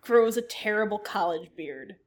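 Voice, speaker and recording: A woman's voice: medium pitch, expressive, moderate pace. A woman co-hosting a podcast in casual chat, wry and laughing, swearing freely. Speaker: podcast co-host, series creator.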